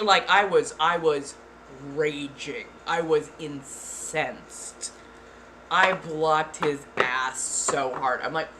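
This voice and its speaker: Bright-voiced woman telling a casual story. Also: fairly low pitch, takes it slowly, slight background noise. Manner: animated, swears freely, exclaims. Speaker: ASMR channel host.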